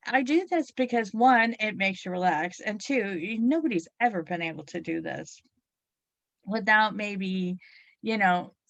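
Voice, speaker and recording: A middle-aged woman hosting a hypnotherapy talk radio show, bubbly and playful, her voice a little froggy and hoarse, leading listeners through relaxation. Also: medium pitch, dry recording.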